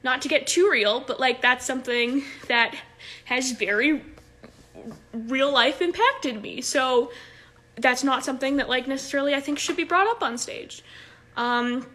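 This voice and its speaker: Young woman, high voice, chatty improv coach, laughing often, phone livestream. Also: unhurried, pushed and bright. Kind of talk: casual livestream talk.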